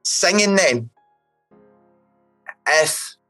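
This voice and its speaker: A man's voice: a little high, animated, extremely slow, pushed and bright, faint music behind. A young Scottish man, a podcast co-host and new father, chatting casually and arguing his point with playful emphasis. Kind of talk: casual chat.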